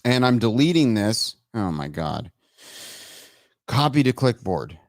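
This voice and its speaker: A man's voice: medium pitch, very animated, a little slow, a little mellow, no echo, studio quality. A man hosting a live show, chatting casually and getting exasperated and laughing at his own tech troubles. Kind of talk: casual live-stream chat.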